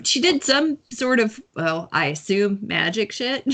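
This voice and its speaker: A woman's voice: a little high, animated, slow pace, a bit bright. A woman, playing her character in a tabletop game, hesitant and full of fillers. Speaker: player. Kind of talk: in-character tabletop role-play.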